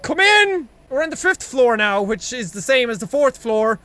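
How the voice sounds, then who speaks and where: A young Irish man giving loud, panicky let's-play commentary, yelping, laughing and swearing at a scary game. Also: extremely high pitch, very animated, normal speed, no echo. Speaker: gaming video host.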